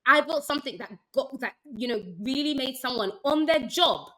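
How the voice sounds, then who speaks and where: Woman guest, high and bright, animated storyteller who acts out quoted voices. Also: moderate pace, rough recording. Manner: expressive, acts out quoted voices, laughs easily. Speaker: app founder, guest.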